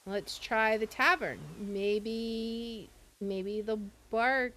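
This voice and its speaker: A woman streamer chatting casually as she plays, thinking aloud in an unhurried way. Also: on the high side, pushed and bright, soft background music. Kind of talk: casual gameplay commentary.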